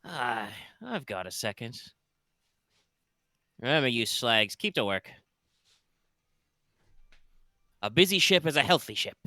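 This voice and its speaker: A man voicing a gruff, tusked female orc bosun with a gravelly, slightly breathy voice. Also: medium pitch, very animated, normal speed, sharp tone, no room sound, clean studio sound. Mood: brisk.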